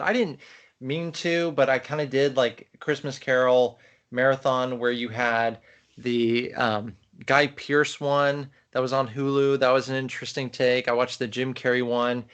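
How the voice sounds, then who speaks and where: A man co-hosting a podcast in casual, animated chat, talking with enthusiasm. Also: mid-range voice, measured pace, clear, resonant tone. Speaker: podcast co-host. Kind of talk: casual chat about films.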